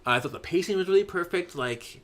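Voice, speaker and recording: A man's voice: high voice, lively intonation, fast talker, background noise. A man hosting a podcast, casually recapping a story and acting out the characters' lines in raised voices. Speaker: podcast host.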